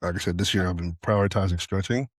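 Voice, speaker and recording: A man's voice: low voice, fairly even intonation, fast talker, breathy edge, dry recording. A man co-hosting a casual podcast chat. He laughs often, talks loosely with some swearing, and trails off and restarts his sentences. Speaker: podcast co-host.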